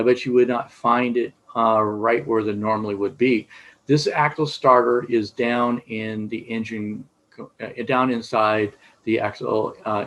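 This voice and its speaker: A man's voice: mid-range voice, fairly bright tone, low-quality recording. A middle-aged man teaching auto repair in a casual, rambling way, with many fillers and restarts. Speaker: automotive instructor.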